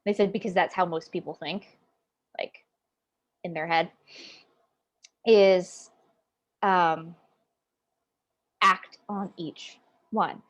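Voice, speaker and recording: Animated woman psychic guest. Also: on the low side, takes it slowly, long pauses. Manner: animated, swinging from loud emphasis to quiet asides. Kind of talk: casual interview chat.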